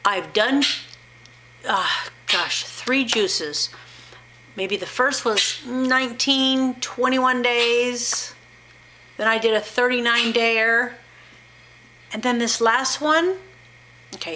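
A woman in her fifties from the Pacific Northwest, USA, chats at home for her juicing vlog, rambling enthusiastically with a pet bird nearby. Her medium-pitched voice sounds pushed and bright, over slight background noise.

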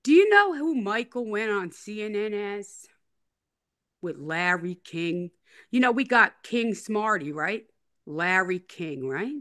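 Woman, interview guest, casual talk, rambling, repetitive, playful teasing, mid pitch. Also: sing-song, takes it slowly, fairly bright tone. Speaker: interview guest telling her story.

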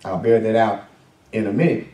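Preaching in a church sanctuary, this pastor talks conversationally, using lots of fillers and asking the congregation questions. He speaks at a normal speed with a darkish tone and a lowish pitch, captured from afar in a room full of echo.

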